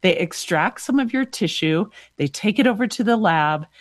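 A woman's voice: medium pitch, animated, moderate pace, no echo, studio quality. A woman radio host interviewing a guest and signing off in a friendly, conversational way.

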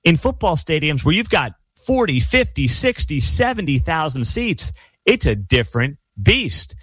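A man's voice: fairly high pitch, sing-song, measured pace, fairly bright tone, husky, dry recording. A middle-aged man hosting his own sports channel, delivering an emphatic, opinionated monologue with sarcastic asides.

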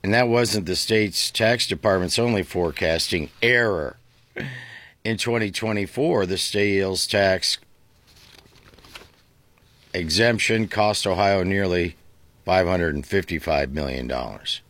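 A man's voice: sits low, a little slow, pauses often, a bit bright, no room sound. A male talk show host reading the news aloud with sarcastic, mocking asides.

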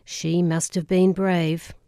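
A woman's voice: fairly low pitch, little pitch movement, slow pace, mellow, smooth, no echo, studio quality. A woman voicing a blunt, matter-of-fact older father in a memoir audiobook.

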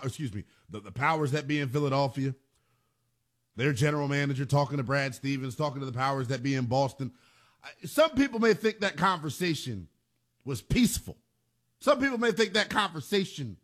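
Man, sports radio host, high voice, very lively pitch, emphatic, repetitive punchy delivery. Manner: animated, emphatic, repeats phrases for punch. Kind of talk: sports talk radio monologue.

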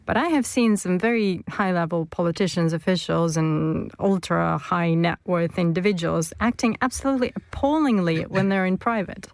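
A woman speaking as a guest on a radio panel, animated and quick to laugh. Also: lowish voice, no echo. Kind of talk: conversational studio discussion. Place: studio.

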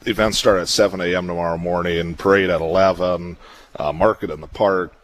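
A man's voice: low voice, steady tone, fairly quick. A man, a small-town mayor being interviewed on radio, talking in a laid-back, matter-of-fact way. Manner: laid-back, lists events plainly.

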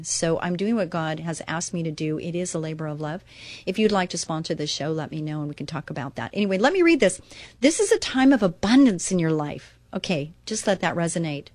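A woman's voice: fairly low pitch, no room sound. A woman hosting her own Christian inspirational talk radio show, speaking earnestly and expressively and reading devotional passages aloud with her own commentary.

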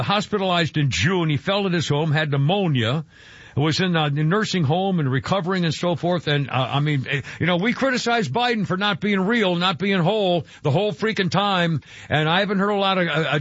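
A man's voice: sits high, a bit bright, no echo, muffled recording. A man hosting a talk radio show, giving opinionated, rambling commentary full of fillers. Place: radio studio.

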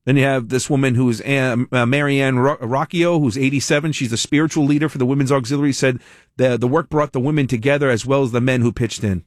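A man hosting a talk radio show, reading news quotes aloud and adding lively asides. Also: medium pitch, fast, no echo, clean studio sound.

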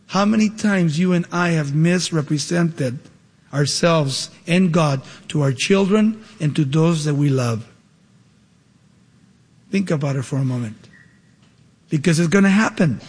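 A man delivers a lively sermon in a high voice. He acts out the people in his story, climbing in pitch when they speak. The sound carries a long reverb from a large hall. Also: moderate pace, breathy edge. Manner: animated, acts out dialogue with rising pitch. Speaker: preacher.

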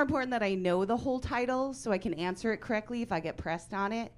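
A brash, deadpan comedian in her forties rattles through a club set fast with few pauses, in a mid-range voice. She acts out everyone she quotes.

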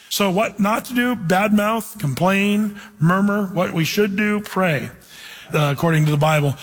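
A man, a pastor, teaching through a Bible passage in a lively, conversational way and reading verses aloud. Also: high-pitched. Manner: animated, conversational, reads scripture aloud. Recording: reverberant hall.

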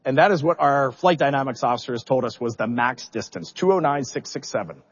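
Animated storytelling commander, dull sound. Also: male voice, medium pitch, fairly quick, slightly rough. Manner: animated, self-deprecating storyteller who acts out his own reactions. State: emotional, holding back tears. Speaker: spacecraft commander. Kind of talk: storytelling in a public interview.

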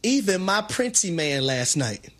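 A man co-hosting a sports talk show, telling stories in an animated, preacher-like way. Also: sits high, measured pace. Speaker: sports radio co-host.

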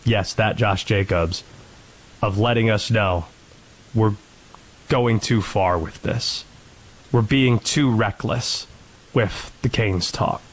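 A man hosting a sports show, delivering a lively commentary monologue and quickly rattling off statistics. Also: on the low side, husky, poor audio. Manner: animated, quick rattling off of stats.

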